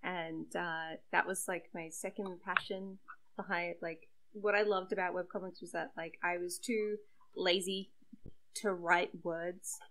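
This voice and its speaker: A woman's voice: on the low side, steady tone, measured pace, fairly bright tone, slight background noise, low-quality recording. A young woman chatting casually on a podcast about making webcomics, self-deprecating, with lots of fillers and laughter. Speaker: webcomic creator and site regular.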